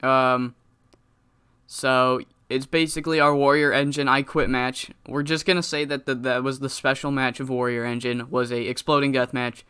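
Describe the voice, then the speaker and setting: A man's voice: mid-range voice, little pitch movement, moderate pace, pushed and bright, clean tone. A man giving casual video game commentary, rambling, cursing freely and correcting himself as he goes. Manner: rambling, profane, self-correcting.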